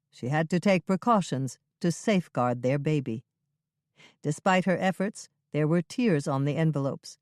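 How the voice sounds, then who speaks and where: Steady audiobook narrator, mid-pitched, measured, recorded dry and close. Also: no echo. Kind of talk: scripted narration.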